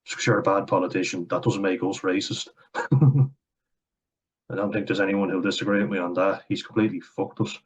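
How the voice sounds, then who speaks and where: Irish male vlogger, deep and husky, blunt sardonic ranter who swears freely. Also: fairly even intonation, normal speed, pauses often. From Ireland. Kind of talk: casual opinion rant.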